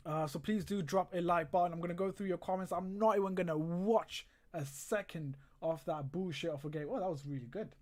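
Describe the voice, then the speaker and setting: Exasperated, sarcastic watchalong livestream host. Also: mid-range voice. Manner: exasperated and sarcastic, often laughing; reads viewer comments aloud. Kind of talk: casual live commentary and chat.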